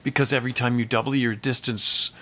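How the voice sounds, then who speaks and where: A man's voice: mid-range voice, level tone, fairly quick, bright, forceful tone. A man who works as a live sound engineer, telling stories casually and with self-deprecation, acting out other people's lines in raised voices. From Canada. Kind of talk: casual storytelling to camera.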